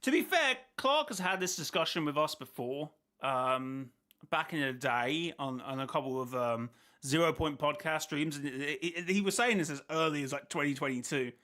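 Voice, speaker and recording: A man's voice: on the high side, expressive, moderate pace, bright, forceful tone. A man hosting a casual reaction stream, rambling and second-guessing himself as he thinks aloud. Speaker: host reacting to a video.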